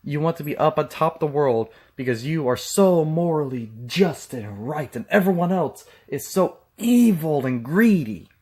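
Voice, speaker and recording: A man's voice: on the high side, animated, unhurried, hardly any pauses, a little mellow, breathy edge. A man from Texas giving mocking, sarcastic reaction commentary with frequent profanity. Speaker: commentary channel host.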